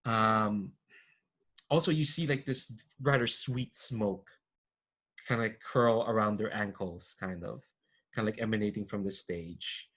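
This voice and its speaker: A man's voice: lowish voice, a little slow, a bit bright. A man narrating as game master of a tabletop role-play game in a casual, rambling way with many restarts. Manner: rambling, full of fillers and restarts.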